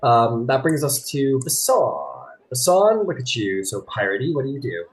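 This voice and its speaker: A man narrating a tabletop game as game master, relaxed and rambling with many fillers. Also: medium pitch, moderate pace.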